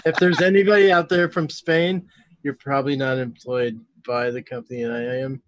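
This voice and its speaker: A man's voice: medium pitch, fairly even intonation, moderate pace, slight background noise, rough recording. A man hosting a casual panel chat who talks bluntly and swears freely. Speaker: panel host and live streamer.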